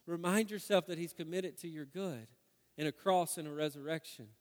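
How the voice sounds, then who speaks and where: Earnest preacher in a reverberant hall. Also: male voice, on the high side, normal speed. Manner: earnest, swings from loud urging to hushed prayer. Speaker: pastor. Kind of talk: sermon. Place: church hall.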